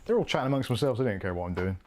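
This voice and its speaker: A man's voice: medium pitch, sing-song, rapid-fire, darkish tone. A British man from the UK chatting casually and mocking himself while he narrates a live PC build. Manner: chatty, self-mocking, thinking aloud while working. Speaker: PC build streamer.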